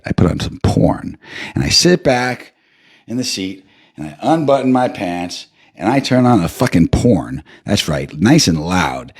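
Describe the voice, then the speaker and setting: A man's voice: sits low, darkish tone, breathy edge. A man hosting a livestream, telling a rambling story in a casual, profane way. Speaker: livestream host.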